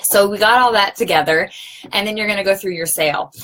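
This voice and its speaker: A woman's voice: medium pitch, brisk, a bit bright. Chatty woman coaching on sales. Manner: conversational, often checks in with "okay?" and "you know". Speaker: sales trainer. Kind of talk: casual training talk.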